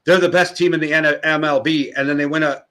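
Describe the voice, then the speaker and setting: A man's voice: fairly high pitch, steady tone, fast talker, pushed and bright. A man co-hosting a podcast, talking sports in a casual, rambling way and correcting himself as he goes. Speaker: podcast co-host.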